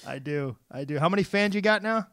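A man's voice: high voice, lively intonation, fairly bright tone, a little hiss or hum. A man co-hosting a podcast, joking playfully and reading out puzzle clues in casual chat. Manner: playful, goofy, reads puzzle clues slowly. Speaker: podcast co-host.

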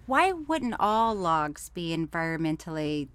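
A woman co-hosting a casual podcast chat, teasing and animated. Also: sits low, a little slow, smooth. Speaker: podcast co-host.

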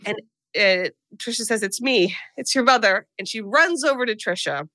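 A woman with a bright, forceful, fairly high voice recaps a film for a podcast, in casual, comic talk. She tells it with energy and slips into playful put-on voices for the characters. The sound is dry and close. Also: normal speed, no echo. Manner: animated storytelling, acts out characters' lines in put-on voices. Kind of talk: casual comedic movie recap.

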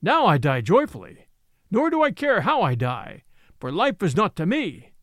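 A man's voice: high voice, huge pitch swings, moderate pace, a bit bright, no room sound, studio quality, full character voice. A man voicing a big, grieving outlaw who rails in defiant fury. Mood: furious. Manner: furious and defiant.

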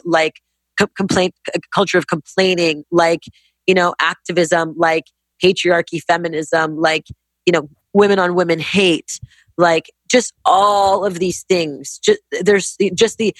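A woman in her forties, a business-owner guest in a casual interview, talking in an emphatic, animated, rapid way. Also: fairly low pitch, no echo. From Canada. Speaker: guest entrepreneur.

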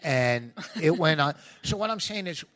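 A man's voice: a little high, moderate pace. Laughing middle-aged male comic storyteller. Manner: animated storyteller, laughs mid-sentence. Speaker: comedian and podcast co-host. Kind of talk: casual podcast chat. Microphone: studio microphone.

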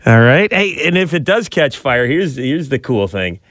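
A man's voice: medium pitch, big pitch swings, normal speed, fairly bright tone, no room sound. A man co-hosting a morning radio show, chatty and jokey, laughing often, on a studio microphone. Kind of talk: casual morning radio banter.

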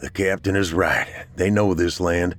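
A man reading aloud and voicing a firm, gruff male army veteran who speaks tersely. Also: deep voice, fairly even intonation, unhurried, soft background music.

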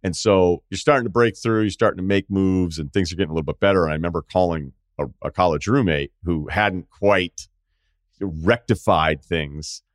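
A middle-aged man hosting a podcast, his voice pitched low and recorded dry and close. He tells animated, profane stories and acts out the lines of the people in them. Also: moderate pace, no echo. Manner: profane, animated storytelling with acted-out quotes. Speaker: podcast host. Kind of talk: casual chat.

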